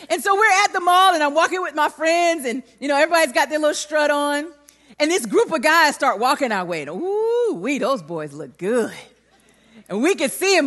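A woman preaching a sermon in a large hall, telling a personal story with animated emphasis. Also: sits high. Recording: long hall reverb.

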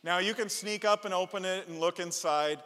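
Middle-aged male pastor, kinda high voice, joking around mid-sermon, long echo in the church. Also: moderate pace. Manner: animated storytelling with playful asides. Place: church sanctuary.

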